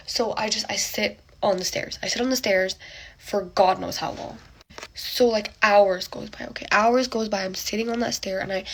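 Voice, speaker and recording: Telling a story while getting ready on camera, a young woman fills her chatter with fillers and breathy, half-whispered asides as she acts out everyone's lines. Her voice is medium in pitch and a bit bright.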